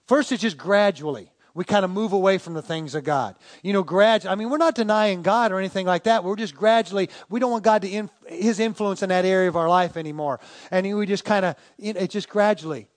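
A man's voice: high voice, quick pace. A man preaching a sermon to a congregation, telling stories and asking the listeners to turn to their neighbors. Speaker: pastor.

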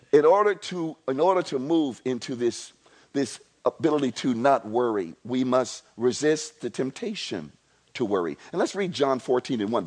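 A male pastor preaching a sermon, calling on the congregation to repeat after him and repeating lines for emphasis, often restarting his words. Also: on the high side. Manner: call-and-response preaching, repeats phrases for emphasis; stammering restarts, swings from hushed to loud.

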